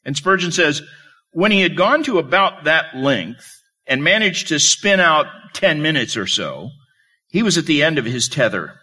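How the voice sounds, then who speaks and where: A man's voice: fairly high pitch, big pitch swings, normal speed, pushed and bright. A man preaching a sermon, telling a story with emphatic delivery.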